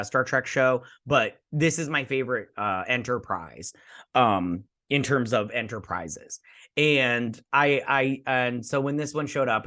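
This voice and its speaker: A man hosting a show, excitedly recapping an episode like a gushing fan, with lots of fillers and restarts. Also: medium pitch. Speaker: host.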